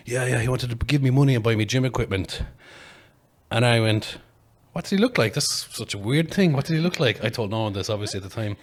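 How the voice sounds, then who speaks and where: Man telling a wild story. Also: mid-range voice. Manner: animated, swearing, laughing storyteller. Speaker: podcast host. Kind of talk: casual storytelling chat.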